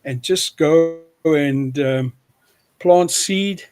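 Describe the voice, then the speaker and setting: South African male preacher, guest in casual interview, higher-pitched, self-deprecating, rambling restarts. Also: drawn-out words.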